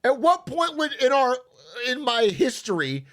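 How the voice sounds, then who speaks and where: A man's voice: extremely high pitch, sing-song, measured pace, fairly bright tone. A young man chatting casually on his stream, sarcastic and laughing often.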